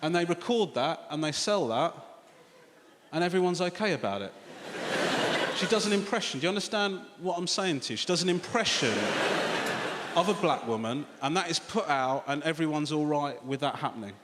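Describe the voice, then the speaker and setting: A man's voice: on the high side, expressive, normal speed. A British man doing a sardonic, sweary stand-up comedy set, talking straight to the crowd from a large theatre stage. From Britain. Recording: reverberant theatre with audience noise.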